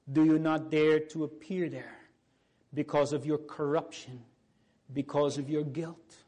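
A man preaching a sermon in a solemn, pleading way, with long pauses and repeated phrases. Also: a little high, darkish tone.

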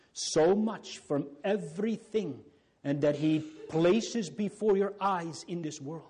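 A man preaching a sermon in a solemn, pleading way, with long pauses and repeated phrases. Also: a little high, mellow, breathy edge.

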